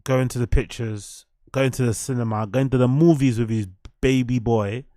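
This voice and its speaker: A young man with a British accent hosts a casual stream, talking back to his chat with sarcastic, swearing rhetorical questions. His voice sits at a middle pitch and the sound is close and dry. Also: steady tone, moderate pace, mellow, no echo. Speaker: host. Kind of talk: casual chat reacting to clips.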